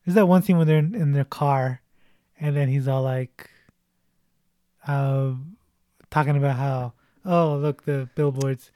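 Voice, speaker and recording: A man's voice: medium pitch, fairly even intonation, measured pace, long pauses, warm tone, dry recording, studio quality. A man chatting casually about a movie, laughing often and retelling scenes.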